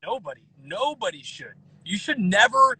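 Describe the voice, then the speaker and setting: A man in his thirties guesting on a podcast, talking in an animated way with lots of restarts and repeated words. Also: high-pitched, moderate pace, husky, poor audio. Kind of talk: casual podcast chat.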